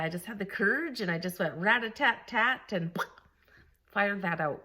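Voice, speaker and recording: Animated woman telling a story. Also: medium pitch, normal speed, slightly rough. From Canada. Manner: animated, laughing, quoting others. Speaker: vlogger, former school staff member. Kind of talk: casual storytelling to camera. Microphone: camera.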